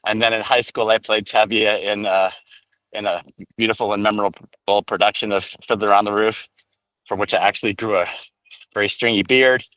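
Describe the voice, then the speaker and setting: A man from upstate New York with a fairly low voice, telling long stories about his past in an unhurried way. He talks over a video call while walking outside. The recording is dry. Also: fairly even intonation, fairly bright tone, dry recording, low-quality recording. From Rochester, New York. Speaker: actor guest. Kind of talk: casual storytelling interview. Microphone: video call while walking outdoors.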